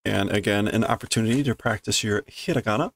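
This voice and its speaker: A man's voice: on the low side, quick pace, vocal fry. A man casually reading a comic aloud on stream, amused and explaining the story as he goes. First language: English. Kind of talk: casual read-through with commentary.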